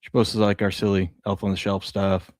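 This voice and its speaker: Low-voiced guy co-hosting a sports show, chill storyteller, dry close sound. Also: flat delivery, moderate pace, a little mellow, dry recording. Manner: laid-back storyteller, laughs a lot. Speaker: co-host. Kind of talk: casual sports show chat.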